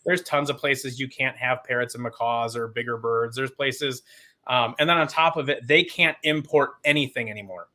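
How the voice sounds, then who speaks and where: A man's voice: medium pitch, normal speed, bright, forceful tone. A man on a podcast as a guest, talking in an impassioned, rambling and sarcastic way. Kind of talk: casual podcast chat.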